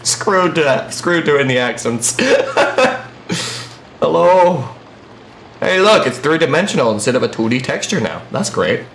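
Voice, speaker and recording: A man giving excitable, jumpy let's play commentary while playing a horror game, quick to shout and laugh. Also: medium pitch, echoey room, slight background noise.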